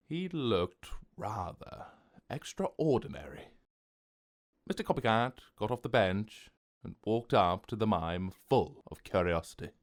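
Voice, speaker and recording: A man narrating a children's animated short in a gentle, expressive storytelling voice. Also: on the low side.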